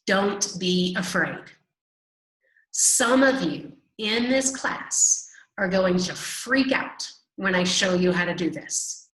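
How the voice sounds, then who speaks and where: A woman teaching a recorded math lesson, slow and reassuring, drawing out repetitions and walking students through the steps. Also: fairly low pitch, fairly bright tone, roomy sound, rough recording.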